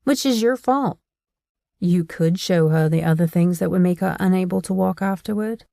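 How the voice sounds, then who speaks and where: A woman's voice: on the low side, normal speed, vocal fry, no room sound, clean studio sound. A woman voicing a brash, crude young woman. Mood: teasing. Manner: blunt, crude, excited.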